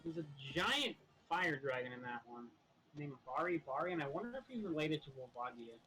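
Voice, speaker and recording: A man's voice: on the high side, sing-song, brisk, crowd noise, poor audio. A man hosting a game stream, casually musing about game lore. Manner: musing, trivia-minded. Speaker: stream host.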